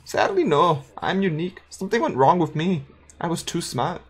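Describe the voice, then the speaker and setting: A woman voicing a polite, gentle male zombie with a put-on German accent, in a higher sing-song voice. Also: big pitch swings, moderate pace, slightly rough, faint music behind, full character voice. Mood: genial. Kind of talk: voicing game dialogue.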